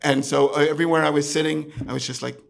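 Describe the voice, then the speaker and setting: Man from New York, live storyteller, gravelly and a bit high, rambling chatty delivery. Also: steady tone, quick pace. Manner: chatty, full of fillers like "like" and "right". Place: pub stage.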